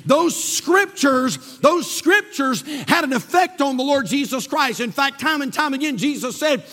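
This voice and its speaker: A man preaching a fervent sermon as pastor, firing off rhetorical questions and quoting scripture quickly, in a large church sanctuary. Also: very high-pitched, animated, bright, forceful tone. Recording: long hall reverb.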